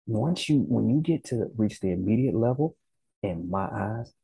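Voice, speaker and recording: Deep gravelly Southern man, laid-back. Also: animated, normal speed, dark tone, low-quality recording. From Southern United States. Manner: laid-back, conversational, slangy, frequent "you know" and "right". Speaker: language-learning channel host. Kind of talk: casual vlog talk.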